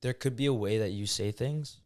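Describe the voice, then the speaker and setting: His mid-range voice moves fairly quickly, with no room sound and a clean studio quality. As a young podcast co-host, he chats casually and rambles, using lots of fillers in a relaxed manner.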